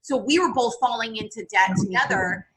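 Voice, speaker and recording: A woman's voice: a little high, a little fast, fairly bright tone, poor audio. A woman guest on a podcast, talking candidly and emphatically, quoting herself and swearing freely. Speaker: podcast guest, business coach.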